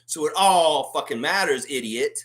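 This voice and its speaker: A man on his own fan sports stream delivers a profane, heated rant, his voice swinging wildly between low grumbles and sharp high jumps. He speaks a touch higher than most men, hammering every point with emphatic exasperation. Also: normal speed. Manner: excitable, emphatic. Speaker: host of a fan basketball show. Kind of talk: live sports preview rant.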